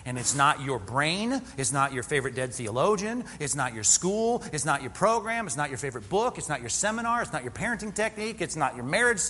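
A man's voice: on the high side, sing-song, a little fast, hardly any pauses, pushed and bright, slightly rough, long reverb tail. A man preaching a sermon as a pastor, conversational and joking, full of rhetorical questions. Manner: conversational, self-deprecating humor with rhetorical questions.

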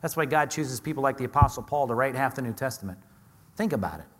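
A man preaching in a relaxed, talky way, slipping into quoted voices with dry humor. His voice sits at a middle pitch. The sound carries a long reverb from the hall he speaks in. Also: quick pace. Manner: conversational, acts out quoted voices with plain humor. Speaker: pastor. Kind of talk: sermon.

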